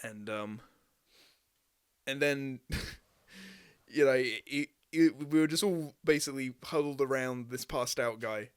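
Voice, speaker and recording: A man's voice: mid-range voice, slow pace, pauses often, clear, resonant tone. A young man, a podcast host telling a story in casual chat, swearing often and acting out what people said. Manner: animated storyteller, swears a lot, acts out voices.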